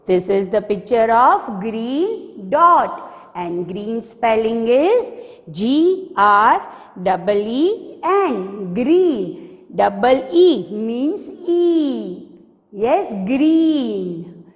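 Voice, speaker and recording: Slow sing-song Indian woman teacher. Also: on the high side, very animated, in a large hall. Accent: Indian English. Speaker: pre-primary teacher. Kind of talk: phonics lesson for young children.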